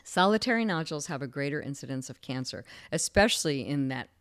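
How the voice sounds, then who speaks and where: A middle-aged woman, a former surgeon, telling lively anecdotes as an interview guest and acting out the people she quotes. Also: low voice, quick pace, clean tone. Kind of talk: casual interview storytelling.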